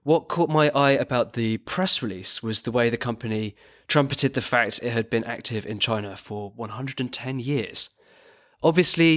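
A man's voice: mid-range voice, fairly bright tone. A British man co-hosting a history podcast, with scripted narration and a dry, wry delivery. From Britain. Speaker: podcast co-host.

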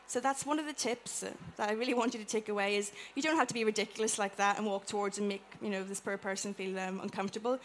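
A woman with an Irish accent giving a chatty, animated talk to a live audience, acting out little quotes as she goes. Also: mid-range voice, quick pace, few pauses, slight background noise. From Ireland. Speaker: conference speaker. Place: event room with an audience.

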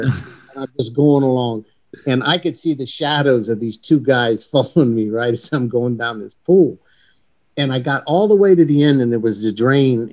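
A middle-aged man telling a long, rambling anecdote in a casual chat, animated and profane, acting out the other people in his story. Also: mid-range voice.

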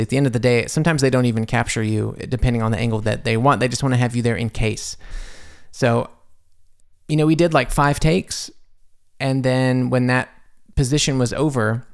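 A man with a gravelly, mid-pitched voice hosts a podcast from his home studio. He tells a story in a loose, animated way, laughing at himself and stumbling over restarts. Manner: animated, self-deprecating, many restarts. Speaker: podcast host. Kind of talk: casual storytelling.

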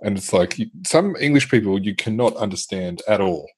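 A man co-hosting a casual podcast chat, relaxed and laughing at his own fumbled words. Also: lowish voice, brisk, breathy edge. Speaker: podcast co-host.

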